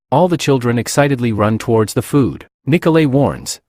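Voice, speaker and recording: Man, comic recap narrator, scripted storytelling, lively intonation, dry close sound. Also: mid-range voice, normal speed, hardly any pauses, no echo. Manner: reads out every character's lines in turn. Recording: dry close-miked voice-over.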